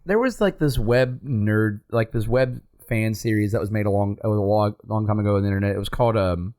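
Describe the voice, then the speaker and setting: A man's voice: on the low side, brisk, darkish tone. A man co-hosting a pop culture podcast, rambling with many fillers and laughing mid-sentence. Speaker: podcast co-host. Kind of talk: casual chat.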